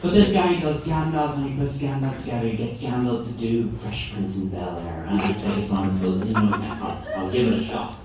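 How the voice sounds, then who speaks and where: A man's voice: lowish voice, brisk, hardly any pauses. A man doing a rambling stand-up set, often laughing at his own jokes, recorded from far off in an echoey, noisy venue. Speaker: stand-up comedian. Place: indoor comedy venue. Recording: echoey room, far camera mic, loud noise.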